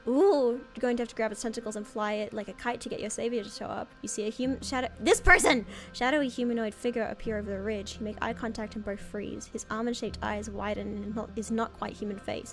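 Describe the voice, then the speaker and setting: A woman streamer reading a story game aloud, excitable, with squeals and dramatic reactions. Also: on the high side, fast, hardly any pauses, soft background music.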